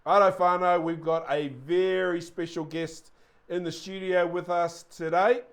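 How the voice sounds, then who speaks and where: A man's voice: a little high, fairly even intonation, measured pace. A New Zealand man co-hosting a podcast, introducing the guest and chiming in with short replies. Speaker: podcast co-host. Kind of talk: casual chat.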